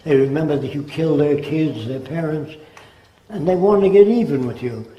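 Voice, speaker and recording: A man's voice: fairly high pitch, moderate pace, echoey room, muffled recording. An older man giving a rambling, informal lecture and mimicking accents to make his points.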